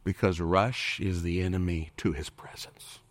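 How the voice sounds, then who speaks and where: A man's voice: deep voice, steady tone, unhurried, no echo. A man preaching as a pastor, firing questions at the congregation and slipping into playful impressions. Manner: preachy, asks the crowd many questions, jokes and mimics. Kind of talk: sermon.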